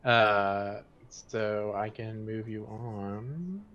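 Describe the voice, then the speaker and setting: A man narrating as dungeon master in a relaxed, hesitant, joking way. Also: fairly low pitch, very slow. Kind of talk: narrating a tabletop game. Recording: dull lo-fi stream audio.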